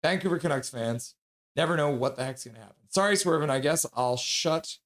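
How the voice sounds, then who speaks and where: A young man hosting a live stream, casually chatting and reading viewer comments aloud with quick asides. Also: fairly high pitch, a bit bright. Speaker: livestream host reading chat. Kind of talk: casual live reaction chat.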